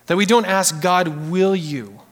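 A man preaches to his congregation in a high, lively voice, talking casually and calling out questions to the room. His words ring out in a long hall reverb of a church sanctuary. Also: measured pace. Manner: animated, conversational preaching with audience call-outs. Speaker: pastor. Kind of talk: sermon.

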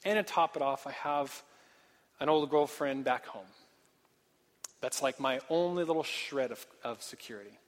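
A man's voice: mid-range voice, moderate pace, pauses often. A young man from Portland, Oregon, telling a personal story in a casual, self-deprecating sermon style. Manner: animated, self-deprecating, casual filler-heavy. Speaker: speaker. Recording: long hall reverb.

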